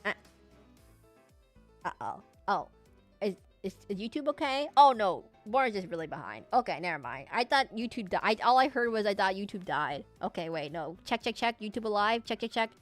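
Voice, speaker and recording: Young female VTuber, casual self-deprecating streamer chatter, soft music under her. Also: mid-range voice, sing-song, moderate pace. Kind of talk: casual chat while drawing live.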